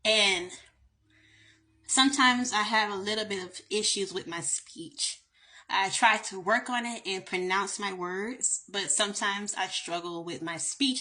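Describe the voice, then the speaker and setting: A woman with a Southern accent and a slight lisp, a lawyer telling stories in a chatty storytime vlog. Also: medium pitch. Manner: chatty, animated storytelling with light laughs.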